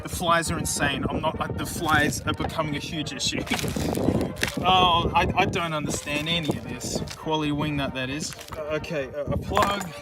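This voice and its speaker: An Australian man chatting casually outdoors in remote bushland, rambling excitedly and joking with the things he finds. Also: on the high side, normal speed, heavy background noise. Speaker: YouTube host. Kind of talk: casual vlog commentary.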